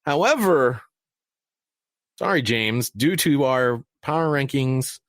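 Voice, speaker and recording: A man co-hosts a casual sports podcast with an animated, swinging delivery. He jokes and rants in mock anger. His voice sits dry and close to the mic. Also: mid-range voice, slow pace, no room sound. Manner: lively, joking, mock-angry rants. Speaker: podcast co-host.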